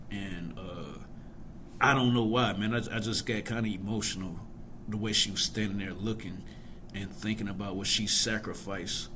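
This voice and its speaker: A man's voice: on the low side, background noise. A man hosting his own show, giving a casual, chatty recap of a TV episode. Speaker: host.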